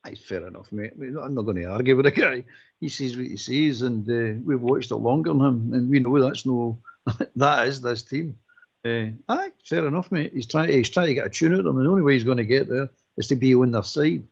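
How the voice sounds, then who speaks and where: Man, blunt heated pundit, gravelly husky voice, dull lo-fi line. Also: mid-range voice, fairly quick. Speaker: football pundit on a phone-in. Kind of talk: casual football phone-in chat.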